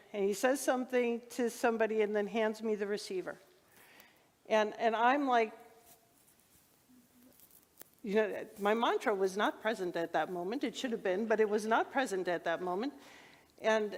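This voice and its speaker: A woman minister telling a personal story in a sermon, acting out the dialogue with lively repeats and restarts. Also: fairly high pitch. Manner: animated, acts out quoted dialogue. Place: church sanctuary. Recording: long church reverb.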